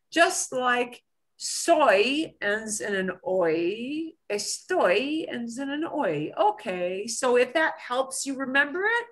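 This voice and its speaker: A woman teaching a beginner Spanish lesson, slowing down to stress words and checking in with "okay?" often. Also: sits high, fairly bright tone.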